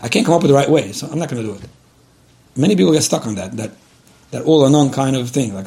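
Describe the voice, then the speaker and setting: A man delivers an earnest religious lecture at a quick clip. His voice carries a gravelly, creaky edge, and he speaks frankly and directly, circling back to repeat his key points. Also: medium pitch, animated, a little mellow. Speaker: religious lecturer giving a shiur. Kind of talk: earnest spoken advice lecture.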